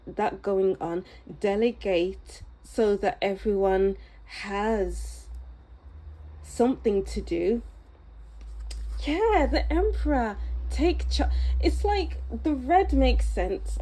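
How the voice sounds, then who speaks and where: Slow, mellow-voiced woman reading tarot. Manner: soft, musing and unhurried, drifting into a low near-whisper. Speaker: tarot reader. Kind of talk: pick-a-card tarot reading.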